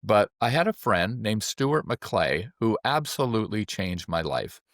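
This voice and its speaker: Older man in his 70s, low-pitched, dry close sound, easygoing storyteller acting out voices. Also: measured pace, no echo. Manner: relaxed anecdotal, acting out quoted voices. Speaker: acupuncturist. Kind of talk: personal storytelling.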